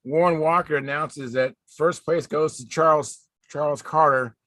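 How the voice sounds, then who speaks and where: A man chatting casually with friends on a video call, telling stories with animated, acted-out quotes. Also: on the high side, normal speed, no echo. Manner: animated storytelling, acts out quotes loudly. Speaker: video hangout participant, contest pilot. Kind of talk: casual group chat.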